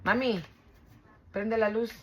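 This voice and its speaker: A woman's voice: fairly high pitch, fairly even intonation, measured pace, a little hiss or hum, poor audio. A woman doing a casual tarot reading for her viewers, blunt and profane, repeating and restarting herself for emphasis. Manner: blunt and profane, swears freely; emphatic and repetitive, restarts often. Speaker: tarot reader.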